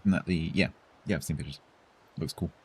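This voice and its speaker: A very low-voiced English man with a slightly husky tone, speaking with a Received Pronunciation accent tinged with London. He chats casually with his stream viewers, hesitating and restarting as he thinks aloud. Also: a little fast. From England. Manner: chatty, hesitant, with many fillers and restarts.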